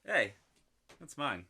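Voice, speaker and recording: Guy cohosting a drinking show, super bright sharp voice, bouncy pitch, jokey. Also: slightly rough. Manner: playful, laughs often, reads labels in a mock voice. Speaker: podcast co-host. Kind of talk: casual drinking-show banter.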